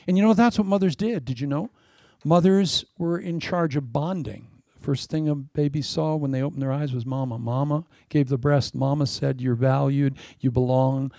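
A middle-aged male pastor preaching with animated, preacherly energy and playful asides. His somewhat high voice carries a gravelly edge. The sound is dry and close, with no room echo. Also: normal speed. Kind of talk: sermon.

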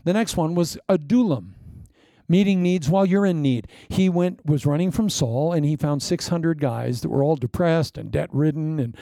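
A pastor preaching a sermon in an animated style, full of laughing asides and playacted anecdotes. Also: male voice, a little high, moderate pace, gravelly, no room sound.

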